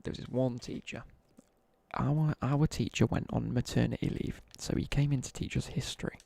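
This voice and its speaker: Gravelly young man with a Midlands accent. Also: mid-range voice, steady tone, moderate pace, dark tone, no echo. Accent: English Midlands. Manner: rambling slangy storytelling, chatting to viewers. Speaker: live streamer. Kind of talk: casual chat while gaming.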